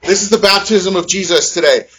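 A man in his thirties preaching a sermon as pastor, telling family stories with animated, acted-out shouting. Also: sits high, brisk, poor audio. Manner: animated storytelling, acts out his sons' shouting.

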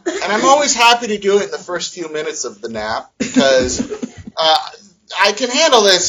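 A man in his thirties preaching a sermon as pastor, telling family stories with animated, acted-out shouting. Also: sits high, moderate pace, rough recording. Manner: animated storytelling, acts out his sons' shouting.

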